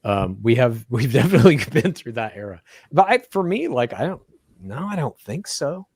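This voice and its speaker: A man's voice: mid-range voice, sing-song, normal speed, darkish tone, breathy edge, dry recording, studio quality. A man co-hosting a podcast in casual chat, bluntly reading listener comments and swearing freely. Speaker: podcast co-host.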